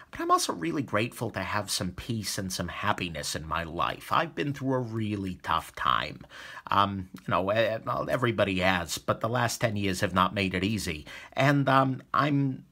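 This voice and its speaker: A man's voice: lowish voice, animated, moderate pace, sharp tone. A young adult man hosting his own channel, talking casually and enthusiastically to viewers with jokey asides. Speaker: knife reviewer and channel host. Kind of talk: casual video talk to viewers.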